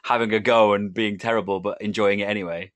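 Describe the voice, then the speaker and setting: A man hosting a podcast interview, chatting casually and chuckling often in a relaxed, supportive way. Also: fairly low pitch, quick pace, no echo. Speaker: podcast host.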